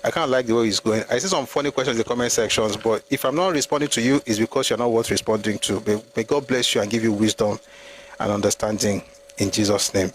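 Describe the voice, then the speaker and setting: A man's voice: lowish voice, fast talker, slight background noise, rough recording. Argumentative Nigerian man. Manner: argumentative, full of rhetorical questions. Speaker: host. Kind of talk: live history talk.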